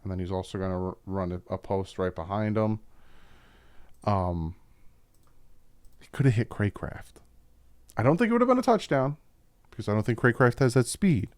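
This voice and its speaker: A man's voice: fairly low pitch, darkish tone, clean tone, no echo. A man hosting a casual football film breakdown, talking as an opinionated fan with frequent asides. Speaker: YouTube football film-study host.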